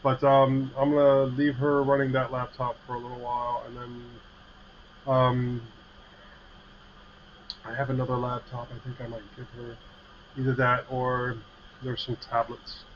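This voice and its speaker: A man's voice: medium pitch, monotone, unhurried, pauses often. A man co-hosting a casual livestream chat, talking in a rambling, friendly way about his tech projects. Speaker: podcast co-host. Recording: slightly dull mic with faint hiss.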